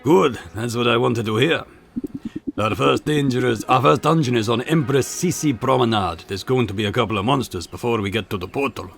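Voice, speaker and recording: A man playing a gravelly, steady mountain guide in a game, firm and instructive as he leads a newcomer. Soft game music sits underneath. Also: medium pitch, fairly quick, lightly acted. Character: gruff middle-aged male mountain guide and trainer.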